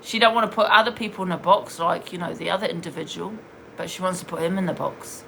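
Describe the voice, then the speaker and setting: A woman's voice: on the low side, fast, creaky, a bit bright, slight background noise. Scornful woman ranting on a stream. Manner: blunt, scornful, answering viewers' comments. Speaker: live-streamer. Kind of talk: heated live-stream rant.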